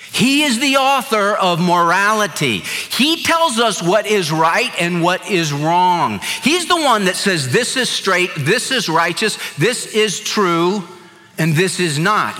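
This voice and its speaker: A middle-aged man preaching a sermon as a pastor, telling stories and acting out quotes with lively energy. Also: high-pitched. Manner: animated storytelling with acted-out quotes. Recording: long hall reverb.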